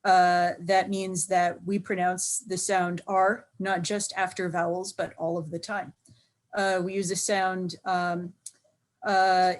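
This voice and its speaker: A woman linguist on a video panel, explaining slowly and carefully with many fillers. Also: on the low side. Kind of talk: panel discussion.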